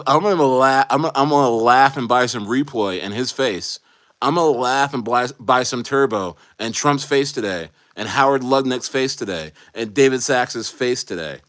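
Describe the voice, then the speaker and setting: Guy streamer ranting, slangy, animated, repeats himself a lot. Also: medium pitch. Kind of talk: casual livestream rant.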